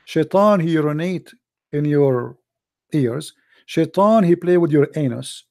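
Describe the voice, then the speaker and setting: Sarcastic man pressing a debate, slightly high voice. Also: lively intonation, a little slow, vocal fry, dark tone, no echo, clean studio sound. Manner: sarcastic, mocking, pressing questions. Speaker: host of a debate call-in show. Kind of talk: argumentative religious debate.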